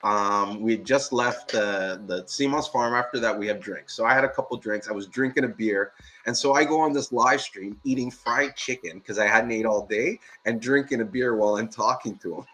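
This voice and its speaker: A man in casual live-stream chat, telling a story in an animated, profane way and laughing often. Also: fairly low pitch, normal speed.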